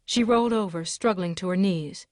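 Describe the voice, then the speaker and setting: Casting: woman, mid-pitched, steady audiobook narrator, dry close recording. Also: moderate pace, no echo. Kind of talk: dramatic audiobook reading.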